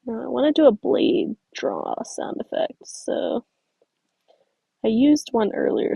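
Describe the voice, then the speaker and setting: A woman's voice: fairly high pitch, wildly swooping pitch, slow pace, gravelly, dark tone, breathy edge, dry recording, low-quality recording. A woman streaming as she edits a stop-motion video, talking casually and answering viewer comments while she works. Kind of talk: casual livestream chat.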